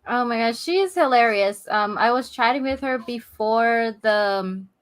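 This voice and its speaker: A woman co-hosting a livestreamed podcast, talking in a bubbly, giggly, energetic way. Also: a little high, normal speed. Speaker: podcast co-host. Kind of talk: casual livestream chat.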